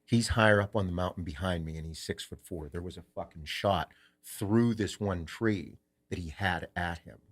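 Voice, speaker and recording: Profane, animated low-voiced man storyteller. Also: moderate pace. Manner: animated, swears freely. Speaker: podcast host. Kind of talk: casual storytelling.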